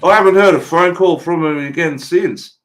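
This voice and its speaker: A man's voice: on the high side, moderate pace, fairly bright tone. An Australian man with an Australian accent, telling a story bluntly and swearing freely as a co-host in a casual chat. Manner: blunt, swears freely, retells calls in a mocking voice.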